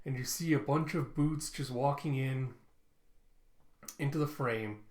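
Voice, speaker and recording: A man's voice: medium pitch, unhurried, darkish tone. A young man casually narrating comic panels aloud, laughing and jumping into character voices. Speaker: comic reviewer. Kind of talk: casual comic read-along. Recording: echoey room.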